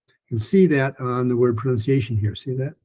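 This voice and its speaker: A man teaching a pronunciation lesson in a loose, rambling way, with many restarts, fillers and slowly modeled phrases. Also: mid-range voice, warm tone, poor audio. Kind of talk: recorded lesson talk.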